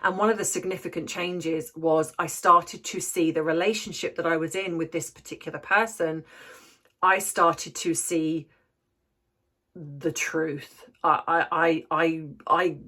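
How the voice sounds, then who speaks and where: A woman with a fairly low voice tells a personal story straight to camera. She sounds reflective and candid, often stopping to search for the right words. She is a therapist and life coach. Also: fairly even intonation, a little slow, pushed and bright. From United Kingdom.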